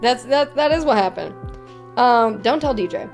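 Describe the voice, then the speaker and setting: Young woman, high voice, casual stream chat, swears a lot, faint music in the background. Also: moderate pace. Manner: chatty, swears freely, animated storytelling.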